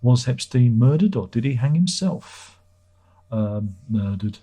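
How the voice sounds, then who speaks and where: Middle-aged male streamer, husky and irreverent, chatty comment-reading host. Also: mid-range voice, lively intonation, measured pace, mellow. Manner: irreverent, joking, swears freely. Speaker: livestream host. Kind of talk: casual livestream chat reading viewer comments.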